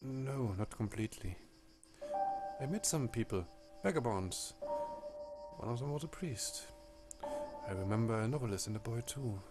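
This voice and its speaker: A man voicing a composed Victorian woman who survived an ordeal and calmly recounts it in a game read aloud. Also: medium pitch, over loud music, natural voice. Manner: proud, measured storytelling.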